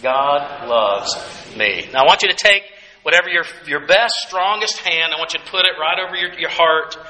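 A male pastor preaching a sermon, earnest and gentle, repeating key phrases softly for emphasis. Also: high-pitched, steady tone, fast, low-quality recording.

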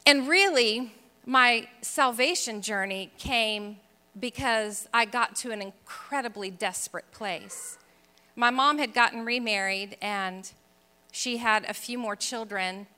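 A woman's voice: medium pitch, clear, resonant tone. Earnest woman telling her testimony. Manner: earnest storytelling, dropping soft and hushed in grief. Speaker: speaker sharing her testimony. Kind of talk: personal testimony talk. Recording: long reverb of a large hall.

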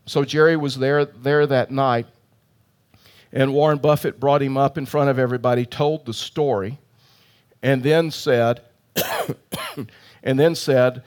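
A man's voice: medium pitch, fairly even intonation, unhurried. A middle-aged male pastor preaching an earnest sermon, telling a story with emphatic repeated phrases.

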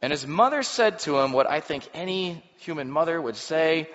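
A man preaching a sermon as a pastor, animated and musing aloud about the scenes he describes. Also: fairly high pitch, moderate pace, few pauses. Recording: muffled reverberant hall recording.

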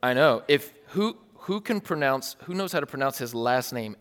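A man preaching a sermon in a church hall, talking casually and earnestly with animated, wry asides. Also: medium pitch, moderate pace, few pauses, clean tone. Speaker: pastor. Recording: long hall reverb.

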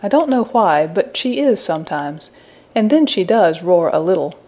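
A woman voicing a gentle, soothing young woman. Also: fairly low pitch, very animated, moderate pace. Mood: tender. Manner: soft, soothing and wondering. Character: innocent gentle young woman, tender and motherly. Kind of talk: storybook reading.

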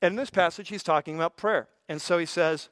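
High-voiced older man preaching. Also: quick pace, a bit bright, no room sound. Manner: conversational, stammering restarts, folksy asides. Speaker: pastor. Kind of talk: sermon.

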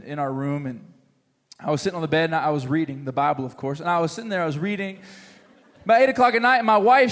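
A man preaching to a congregation, an animated storyteller who jokes with the crowd between points. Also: high voice, in a large hall. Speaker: pastor. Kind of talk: sermon with a humorous story. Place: church hall with congregation.

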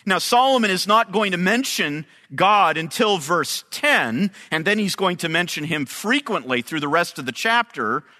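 A male preacher with a high, bright voice, teaching through a Bible passage in a measured, careful way. He speaks at an unhurried pace, and long reverb hangs on his words. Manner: measured teaching delivery, explaining Hebrew terms. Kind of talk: expository sermon.

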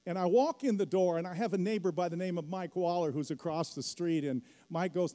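Preaching as pastor in a church hall, a middle-aged man tells a story that rises to emphatic peaks. His warm, high voice moves fairly quickly with hardly any pauses. The recording carries long hall reverb.

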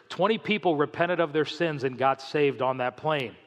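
A pastor delivering a sermon, telling stories with animation and acting out the voices of the people in them. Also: male voice, fairly high pitch, moderate pace, few pauses, in a large hall, muffled recording. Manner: animated storytelling, acts out quoted voices.

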